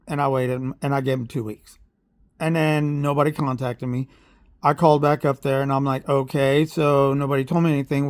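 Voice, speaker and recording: A man's voice: medium pitch, gravelly, no echo, studio quality. A man from Oklahoma, telling a heated, blunt story in a vlog rant with sarcastic asides. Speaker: parent vlogger. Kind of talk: ranting vlog monologue.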